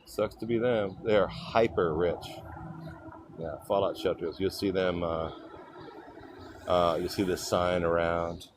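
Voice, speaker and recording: An older man with a lowish voice chats his way down a city street, streaming from his phone. His talk rambles from one thought to the next, with faint street sound behind him. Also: level tone, slow, pauses often, noisy background. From California. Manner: rambling, chatty, reads out viewer names. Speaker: livestream host. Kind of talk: casual walking livestream chat.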